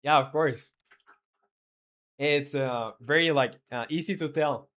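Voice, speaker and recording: A man, not a native English speaker, live streaming as a game developer, thinking aloud while he codes and chats with viewers in halting speech full of fillers. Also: fairly high pitch, fairly bright tone.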